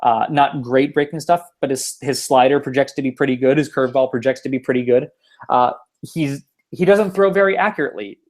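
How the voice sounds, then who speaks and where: A man's voice: medium pitch, brisk, a little mellow. A man hosting a casual sports podcast over an online call, rambling with fillers and restarts. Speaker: podcast host. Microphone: home computer mic over an online call.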